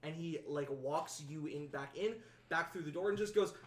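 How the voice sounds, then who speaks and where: A woman narrating a tabletop game as game master, excitable and full of fillers. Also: deep voice, normal speed. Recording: roomy echo, distant from mic.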